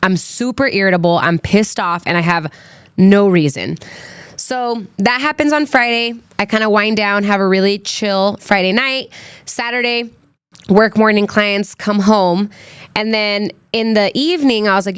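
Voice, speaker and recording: A woman's voice: mid-range voice, moderate pace, clear, resonant tone, no room sound, studio quality. A young adult woman hosting a podcast, telling a personal story in a candid, chatty way with lots of "like" and "um". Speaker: podcast host. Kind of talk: casual solo podcast storytelling.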